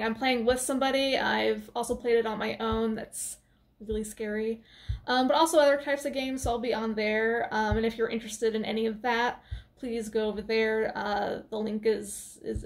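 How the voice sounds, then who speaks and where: A woman casually retelling a horror film plot for her review vlog, chatty and full of fillers and restarts. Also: on the high side. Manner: chatty, laughs while telling. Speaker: movie review vlogger.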